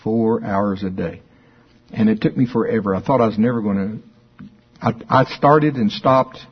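Husky-voiced male preacher, lo-fi. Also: on the low side, moderate pace. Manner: conversational, repetitive, chuckles often. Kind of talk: informal sermon with spoken confessions.

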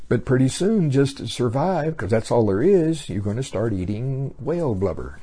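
A man's voice: mid-range voice, very animated, moderate pace, few pauses, dark tone, husky. A man preaching a sermon in a folksy storytelling way, acting out little scenes as he goes. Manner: folksy storytelling, acts out characters.

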